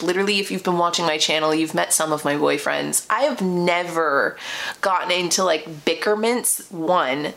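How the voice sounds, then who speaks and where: Chatty young woman telling a story. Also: fairly low pitch. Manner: chatty, frequent "like" fillers, candid and expressive. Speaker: podcast host. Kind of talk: casual personal storytelling.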